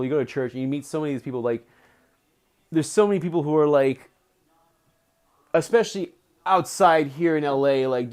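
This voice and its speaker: A young man live-streaming from home, reading a book aloud and breaking off into excited, rambling commentary full of "like". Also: fairly high pitch. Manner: excitable, rambling, heavy on filler "like". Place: indoors at home, settled under a blanket.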